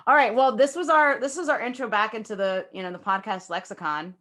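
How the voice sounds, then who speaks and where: A young woman co-hosting a podcast in casual chat, excitable, swearing and laughing often. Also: a little high, brisk. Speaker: podcast co-host.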